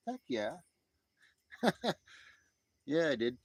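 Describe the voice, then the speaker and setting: A man's voice: mid-range voice, a little slow, background noise. A middle-aged American man live streaming from beside an outdoor fire pit on his phone, chatting in a rambling, easygoing way with many restarts as he answers viewers. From United States. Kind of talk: casual chat reading viewer comments.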